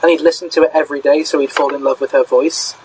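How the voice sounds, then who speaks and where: A man's voice: fairly high pitch, level tone, fast, heavy background noise. A young man from Britain co-hosting a casual film discussion, chatty and thinking aloud with many fillers. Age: young adult. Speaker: podcast co-host.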